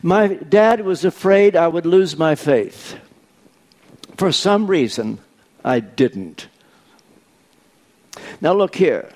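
An older man in his eighties preaching a sermon, deliberate and posing rhetorical questions to his congregation. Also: a little high, animated, darkish tone. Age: 80s.

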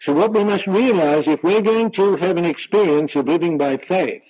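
A man delivers a sermon in a slightly high voice, slowing right down to stress each quoted line. The sound has the thin quality of an old radio broadcast. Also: darkish tone, dull audio. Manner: slow, emphatic preaching with drawn-out scripture quotes. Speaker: preacher.

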